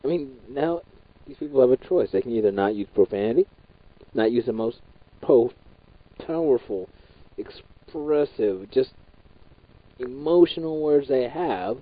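A man's voice: medium pitch, expressive, a little slow, pauses often. A young man delivering a heated, profane, repetitive rant. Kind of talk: ranting monologue. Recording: dull lo-fi recording.

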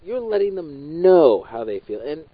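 A man's voice: fairly high pitch, sing-song, unhurried, slightly rough, no room sound. A young man delivering a heated, profane, repetitive rant. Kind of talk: ranting monologue. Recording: dull lo-fi recording.

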